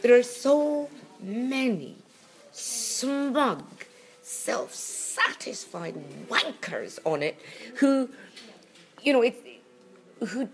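A woman co-hosting a casual chat, halting and full of restarts, with a recurring cough. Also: on the high side, noisy background. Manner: halting, full of restarts and fillers, animated when indignant. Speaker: podcast co-host.

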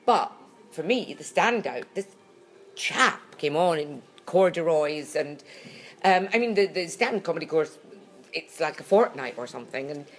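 A woman co-hosting a casual chat, halting and full of restarts, with a recurring cough. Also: low voice. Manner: halting, full of restarts and fillers, animated when indignant. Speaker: podcast co-host.

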